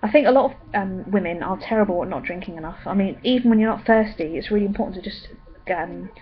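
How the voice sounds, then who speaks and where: A young woman chatting in a rambling way with many pauses and ums. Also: mid-range voice, muffled recording. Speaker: vlogger. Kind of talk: casual pregnancy update vlog.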